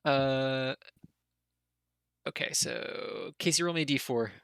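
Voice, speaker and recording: A man's voice: medium pitch, normal speed, creaky, fairly bright tone, no room sound. A man running a tabletop game as game master, narrating in a loose, rambling way full of filler words.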